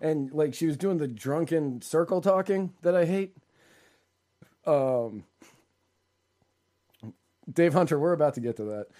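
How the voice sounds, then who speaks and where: A man's voice: on the high side, animated, unhurried, pauses often, mellow. A man co-hosting a casual political podcast, talking sarcastically and in rambling runs. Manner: sarcastic, rambling, laughs often. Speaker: co-host.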